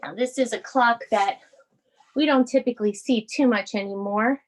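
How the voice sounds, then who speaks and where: A woman leading a children's bedtime yoga class, speaking in a gentle, soothing, sing-song way as she reads a storybook aloud. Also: a little high, normal speed. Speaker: yoga instructor.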